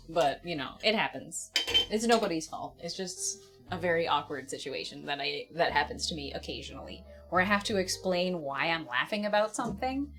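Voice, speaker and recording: A woman's voice: deep voice, expressive, brisk, a bit bright, soft background music. A woman casually telling an awkward personal story, rambling and often laughing at herself.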